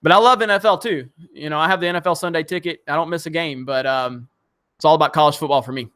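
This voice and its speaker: This Alabama live-stream host reads viewer chats aloud, chatty and enthusiastic, with lots of fillers in a casual chat. He talks fast in a slightly high, somewhat bright voice.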